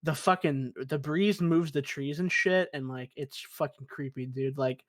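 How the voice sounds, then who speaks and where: Speaking unhurriedly in a slightly high voice with no room sound, this young podcast co-host keeps things relaxed from his basement. He swears a lot and addresses everyone as "dude" in casual conversation.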